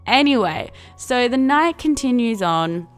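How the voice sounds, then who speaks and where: A woman's voice: fairly high pitch, expressive, a little slow, soft background music. A young Australian woman in her twenties telling a story in a casual vlog, chatty and profane, full of likes and laughing asides. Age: 20s.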